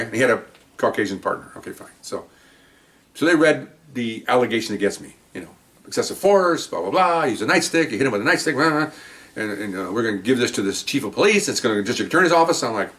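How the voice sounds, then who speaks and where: A man's voice: mid-range voice, fast. An older man who is a retired police officer, casually telling a story to the camera and acting out what people said. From Mexican-American background. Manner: animated, acts out quotes, frequent "okay?" asides.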